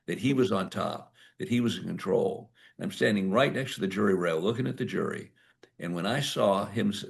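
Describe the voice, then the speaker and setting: An older man speaks in a very deep voice with a gravelly edge. He tells courtroom stories at a book talk, acting out each exchange. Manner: anecdotal, acts out dialogue. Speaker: author and former prosecutor.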